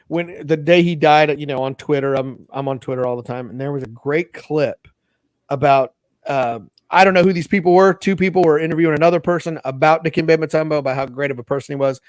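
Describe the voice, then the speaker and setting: Casting: male podcast co-host, slightly high voice, rambling animated storyteller, dry close mic. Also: fairly quick, dry recording. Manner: rambling, animated storyteller, recites old ad jingles. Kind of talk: casual chat.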